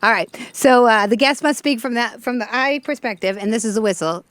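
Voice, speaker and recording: A woman hosting a talk show with an animated, chatty stand-up delivery, laughing often. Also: a little high, fairly quick, very noisy.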